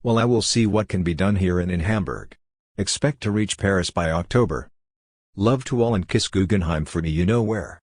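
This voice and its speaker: A man giving an audiobook reading of letters in a steady, even tone. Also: sits low, normal speed, breathy edge, no echo, studio quality. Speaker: reader.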